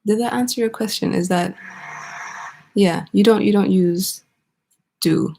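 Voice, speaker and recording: A woman teaching an online English grammar lesson, explaining step by step and pausing for student answers. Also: mid-range voice, creaky, a little mellow.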